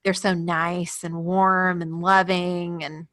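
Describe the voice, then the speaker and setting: A woman's voice: fairly low pitch, little pitch movement, slow, a bit bright, dry recording, studio quality. A woman co-hosting a podcast in casual chat, retelling scenes in a chatty way and giggling often. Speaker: podcast co-host.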